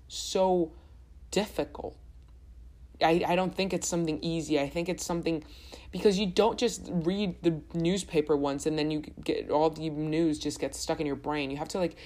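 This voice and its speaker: A woman's voice: sits low, a little mellow. A young woman hosting her own podcast, chatting casually and rambling with lots of restarts. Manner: rambling, chatty, self-correcting. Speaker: podcast host. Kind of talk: casual solo podcast chat.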